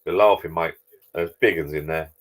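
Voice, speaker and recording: A man with a low, deep voice, hosting a relaxed live chat over drinks. He banters and jokes cheekily, greets viewers by name and reads out their messages in an easygoing way. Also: moderate pace. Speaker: live-stream host. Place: home garden bar.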